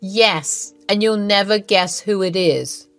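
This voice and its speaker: A woman's voice: medium pitch, slow, no echo, faint music behind. A woman voicing a scheming, smug older mother-in-law who gloats and accuses in a narrated drama story.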